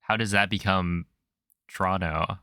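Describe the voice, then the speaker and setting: A man's voice: low-pitched, fairly even intonation, slow pace, bright, forceful tone, a little hiss or hum. A man streaming a video game, chatting casually and joking back and forth with his chat at a desk mic. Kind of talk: casual chat while gaming.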